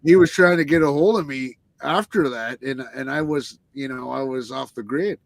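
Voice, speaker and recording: A man's voice: mid-range voice, normal speed, creaky, dry recording. A man, a guest musician, telling stories in a rambling, casual way, often swearing and restarting and tagging lines with "eh". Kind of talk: casual storytelling.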